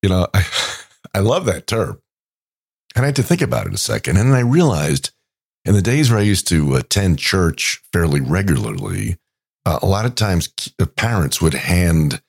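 A man with a very deep, gravelly, husky voice, co-hosting a podcast. His talk is sarcastic and profane, and his pitch rises and falls a lot as he talks. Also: big pitch swings, moderate pace. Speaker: podcast co-host. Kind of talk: casual political chat.

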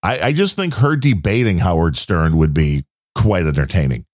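A man's voice: low-pitched, animated, moderate pace, a little mellow, no echo, studio quality. A man co-hosting a podcast, reading out listener donations in a loose, joking, rambling way. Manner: joking, rambling, laid-back. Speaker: podcast co-host. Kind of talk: casual podcast chat reading listener support.

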